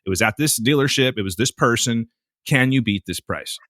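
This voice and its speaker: Speaking a little fast in a mid-range voice, this podcast co-host tells a casual, exasperated story laced with profanity. The studio-quality recording has no echo, and his delivery is animated.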